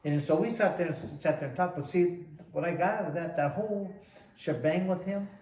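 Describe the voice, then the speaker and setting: A man hosting a show and telling a long story in an animated, casual way, often repeating "he goes". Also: a little high, fairly quick. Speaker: host, former boxer. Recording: roomy echo, distant mic.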